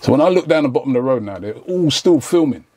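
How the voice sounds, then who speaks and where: A man's voice: mid-range voice, expressive, fast, dark tone, husky, dry recording. A man telling a story in casual chat, acting out quoted lines in slangy talk. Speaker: podcast guest.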